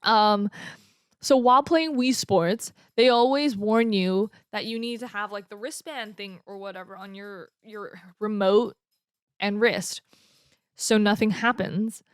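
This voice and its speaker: A young woman in her twenties tells a story into a desk mic at home, chatty and giggly, with plenty of ums and uhs. Her voice sits at a middling pitch. The sound is dry and close. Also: steady tone, measured pace, clear, resonant tone, no echo. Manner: chatty and giggly, with lots of fillers. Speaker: vlogger. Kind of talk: casual storytelling.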